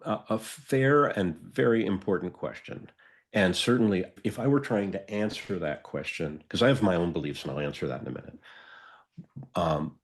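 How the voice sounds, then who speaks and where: A man with a low, husky voice tells a story on a podcast. His delivery is casual and animated, and he plays out the other people's lines as he goes. It sounds like relaxed conversation. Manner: animated, acts out quoted dialogue. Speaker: podcast co-host.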